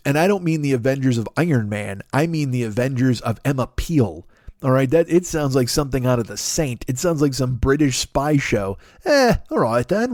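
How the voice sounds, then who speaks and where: A man in his forties, host of a comedy podcast, rambling through a profane, animated monologue with lots of asides. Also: fairly high pitch, no echo, clean studio sound. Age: 40s.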